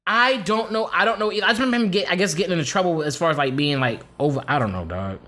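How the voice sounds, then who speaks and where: A man co-hosting a casual podcast, talking in quick, slangy bursts and often breaking into laughter. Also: high-pitched, lively intonation, sharp tone. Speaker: podcast co-host. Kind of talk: casual chat.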